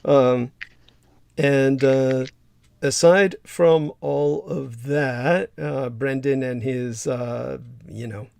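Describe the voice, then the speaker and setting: Hoarse gravelly man hosting a livestream. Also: medium pitch, steady tone, a little mellow, no room sound, clean studio sound. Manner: halting, many fillers and restarts. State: hoarse, losing his voice. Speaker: livestream host. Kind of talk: casual livestream chat.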